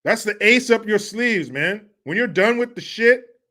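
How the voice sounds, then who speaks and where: A man's voice: sits high, animated, unhurried, pushed and bright. A man hosting a commentary show, riffing in a profane, mocking rant and repeating catchphrases for laughs.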